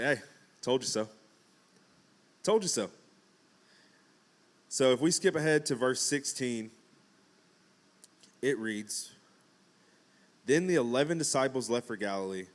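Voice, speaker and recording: A man preaching a casual, conversational sermon, acting out quotes with jokes and asides. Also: medium pitch. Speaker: pastor.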